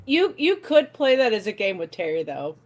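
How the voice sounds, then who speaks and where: A woman's voice: medium pitch, very animated, moderate pace, a little mellow. A woman co-hosting a podcast, giggling and thinking aloud in rambling casual chat. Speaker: podcast co-host.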